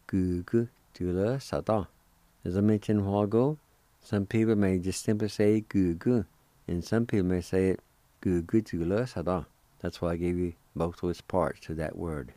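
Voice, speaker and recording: A man hosting a radio language lesson, spelling words letter by letter and repeating each pronunciation slowly. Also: low voice, mellow, no echo. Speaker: radio host teaching Cherokee words.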